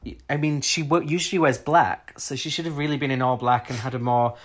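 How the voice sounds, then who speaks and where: A man's voice: mid-range voice, fairly even intonation, fairly quick. A man from Britain co-hosting a podcast, giving frank, opinionated takes in casual chat. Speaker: podcast co-host. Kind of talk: casual chat reviewing a TV episode.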